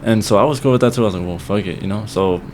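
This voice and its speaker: A man's voice: on the low side, racing, darkish tone, a little hiss or hum. A young man talking as a podcast guest, telling a story in casual chat, swearing freely and dropping Spanish phrases into his English.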